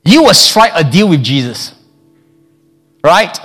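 Animated male preacher, lively higher voice. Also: takes it slowly, pauses often, soft background music. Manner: lively, stammers and repeats words, acts out quotes. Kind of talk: sermon.

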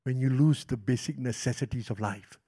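A middle-aged man with a Malaysian English accent, preaching a sermon with animated storytelling that swings from loud to hushed. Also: mid-range voice, brisk, slightly rough. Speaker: pastor.

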